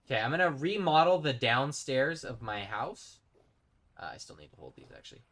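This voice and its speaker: A man's voice: mid-range voice, big pitch swings, moderate pace, a bit bright. A man chatting casually while live-streaming a game, rambling and reading out his chat. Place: home streaming setup.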